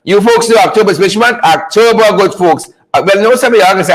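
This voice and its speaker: A man with a notably high voice hosts a live stream in a loose, teasing way. He repeats his phrases and laughs often as he talks. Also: fast, rough recording. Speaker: online show host. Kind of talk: casual live-stream talk.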